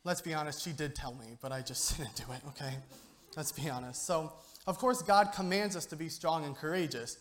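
At a normal speed and fairly high pitch, a young lay speaker talks his way through an informal youth sermon. It's light and joking, and he often turns to the listeners with an "okay?"

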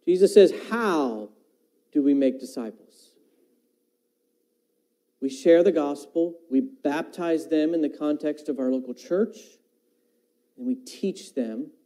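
Male preacher, sermon delivery, high voice, scripture quotes, questions to the listeners. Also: slow pace, pauses often, dark tone, low-quality recording. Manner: talks about teaching his own children.

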